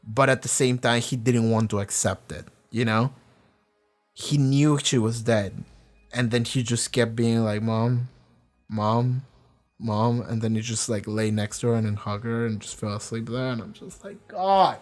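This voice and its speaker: A young man, not a native English speaker, talks through a TV episode in a loose, animated reaction style, swearing freely and acting out characters' lines. His pitch sits in a middle range. Faint music plays underneath. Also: unhurried. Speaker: reaction video host. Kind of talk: casual reaction and review.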